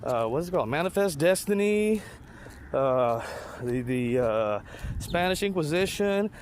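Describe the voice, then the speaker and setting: A man's voice: fairly high pitch, expressive, a little slow, a little mellow, a little hiss or hum. A man, hosting a talk show and delivering a heated, profane, mocking political rant. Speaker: podcast host.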